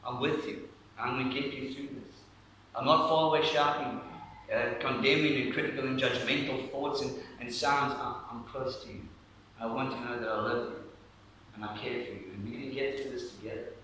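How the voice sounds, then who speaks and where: A hushed, tender male God speaks in a whispered role-play, as a preacher puts him on. The voice stays bright, carried through a very echoey church hall. It is caught from well back from the mic. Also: mid-range voice, fairly even intonation, normal speed, recorded from a distance, a little hiss or hum, lightly acted. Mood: reassuring. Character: gentle, reassuring male God speaking softly up close.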